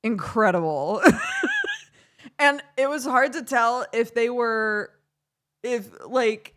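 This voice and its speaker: A woman's voice: fairly high pitch, slow. A young woman streamer chatting casually, telling a story with lots of laughter. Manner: giggly, animated storytelling with frequent laughter. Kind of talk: casual chat on a livestream.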